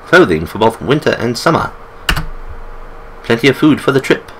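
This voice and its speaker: A man's voice: medium pitch, big pitch swings, normal speed, a little hiss or hum, close to an everyday voice, poor audio. A man doing an old British shopkeeper. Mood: cheery sales pitch. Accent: put-on British. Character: old British male shopkeeper, pipe-smoking, sly.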